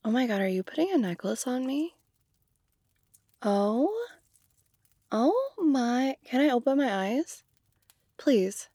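A woman's voice: high voice, slow, long pauses, warm tone, no echo, clean studio sound. A young woman performing an audio role-play to the listener, talking casually and giggly, with lots of "like".

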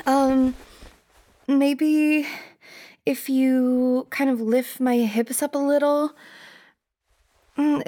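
A young woman with a high voice acts out a one-sided role-play scene, taking her time over each line. She sounds flustered and breathy, sighing often and dropping into half-whispers. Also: a little mellow. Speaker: audio role-play performer.

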